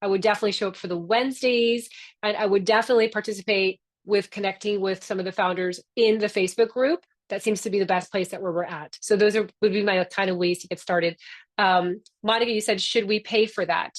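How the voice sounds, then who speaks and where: A woman's voice: medium pitch, fairly even intonation, fast talker. A woman, the founder hosting a membership session, talking in a chatty, upbeat and encouraging way over a video call. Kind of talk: casual webinar talk.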